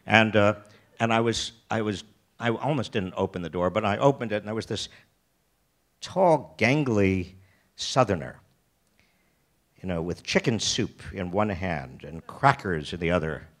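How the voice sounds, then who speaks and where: A man's voice: lowish voice, animated, measured pace, long pauses. An older American man giving a keynote talk, telling personal stories in a rambling way, with many restarts and wry self-deprecating humor. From United States. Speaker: keynote speaker. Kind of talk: storytelling talk. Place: festival stage.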